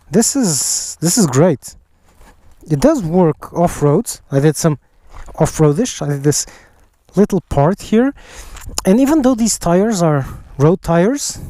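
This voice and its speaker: A man's voice: a little high, warm tone, no room sound. A man giving a casual spoken motorcycle review, thinking aloud with restarts, sighs and jokes. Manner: enthusiastic, jokey. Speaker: motorcycle vlogger.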